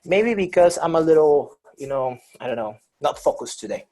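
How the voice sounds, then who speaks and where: A man's voice: on the high side, lively intonation, moderate pace, a little mellow, rough recording. A man teaching an online English grammar class over a video call, patient, repeating and rephrasing with many fillers.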